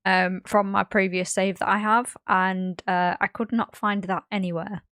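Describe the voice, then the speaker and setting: A woman co-hosting a casual podcast, telling stories in a rambling, animated way with lots of fillers. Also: medium pitch, moderate pace, smooth, dry recording, clean studio sound. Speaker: podcast co-host.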